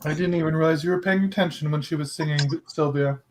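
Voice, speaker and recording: A man's voice: a little high, fairly even intonation, fast talker, a little mellow. A man playing a tabletop game, speaking directly. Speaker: player. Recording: faint background noise.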